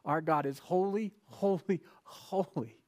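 A man's voice: high voice, a little slow, a little mellow. A male pastor giving a sermon in a conversational way, with rhetorical questions and emphatic repetition.

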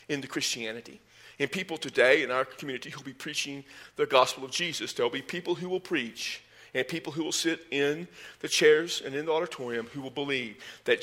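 A man preaching a sermon, animated, rising in pitch and volume to stress his points, with folksy asides. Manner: folksy asides and sports metaphors. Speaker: pastor.

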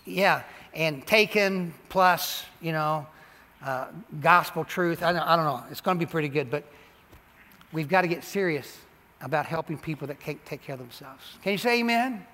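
A male pastor preaching a sermon in a church, animated and emphatic, repeating and stressing key phrases. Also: fairly high pitch, moderate pace. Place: church sanctuary. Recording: long hall reverb.

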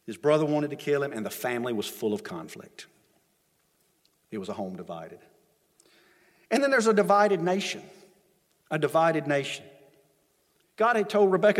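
Preacher with an emphatic, repetitive storytelling delivery. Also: male voice, fairly high pitch, lively intonation, moderate pace, long pauses, big-room sound. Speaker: pastor. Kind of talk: sermon. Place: church sanctuary.

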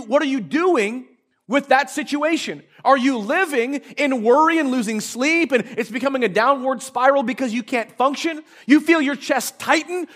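High-voiced pastor preaching a sermon. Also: male voice. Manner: animated, acts out prayers and asides with humor.

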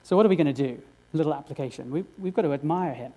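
A man's voice: fairly high pitch, rapid-fire, mellow, slightly rough. A man preaching a sermon, earnest and direct, often asking his congregation rhetorical questions.

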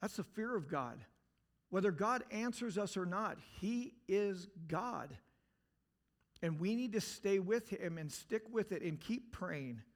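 A man with a high voice preaches a sermon in an earnest, searching tone. He keeps asking the listeners direct questions. He swells into emphatic outbursts and then sinks back to a low, quiet delivery. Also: lively intonation, slow. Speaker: pastor.

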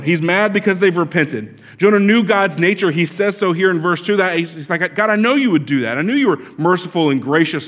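A man preaching a sermon with a slightly higher-pitched voice. He tells the story casually, turning to his listeners with quick asides, and drops into a hushed, slow delivery for prayer. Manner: conversational storytelling with asides to the congregation. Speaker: pastor.

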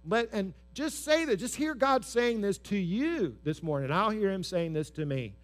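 Earnest male pastor preaching in church, slightly high-pitched. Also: lively intonation, moderate pace. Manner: earnest, repetitive emphasis. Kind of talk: sermon.

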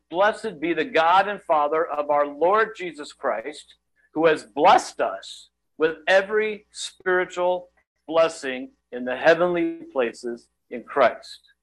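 Middle-aged man, guest preacher; casual, self-deprecating sermon, a touch high. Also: fairly bright tone, low-quality recording. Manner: self-deprecating, conversational, quick asides.

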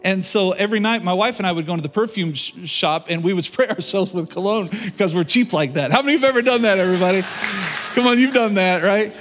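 Animated middle-aged male preacher. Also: high voice, quick pace. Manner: animated storytelling, addresses the congregation directly. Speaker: pastor. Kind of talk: sermon with personal story.

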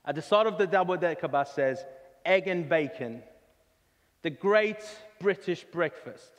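A man preaching a sermon in a church hall, earnest and halting, often restarting his words. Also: on the high side, expressive, highs cut off. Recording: reverberant church hall with soft music.

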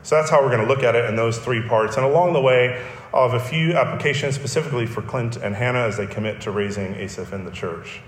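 A man's voice: medium pitch, fast, reverberant, a little hiss or hum. A man preaching a sermon, explaining a text in an earnest teaching manner with emphatic repetition. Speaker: pastor.

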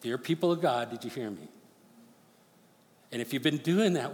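A man's voice: medium pitch, expressive, moderate pace, pauses often. Impassioned male preacher in a reverberant hall. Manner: impassioned preaching, rising to near-shouts then dropping to hushed storytelling. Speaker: pastor. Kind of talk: sermon. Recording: long reverb of a large hall.

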